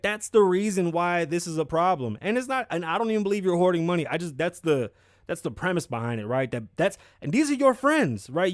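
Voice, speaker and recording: A man hosting his own podcast, riffing on the news in a loud, profane, emphatic way. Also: high voice, no room sound, studio quality. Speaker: podcast host. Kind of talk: casual news commentary.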